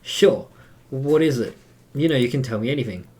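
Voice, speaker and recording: An Australian man voicing a curious, nervous young gamer in a game, reading questions quietly. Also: medium pitch, animated, moderate pace, a little hiss or hum, natural voice.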